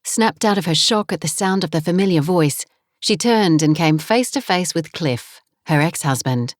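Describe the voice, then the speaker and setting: A woman narrating an audiobook romance novel in a measured, steady way. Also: lowish voice, no echo, clean studio sound. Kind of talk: scripted narration.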